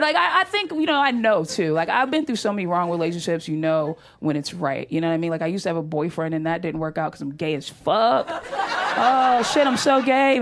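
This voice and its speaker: A woman's voice: fairly low pitch, noisy background. Brash, profane woman doing stand-up. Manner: brash, profane, laughing through punchlines. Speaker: stand-up comedian. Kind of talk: stand-up comedy set. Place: comedy club stage with audience.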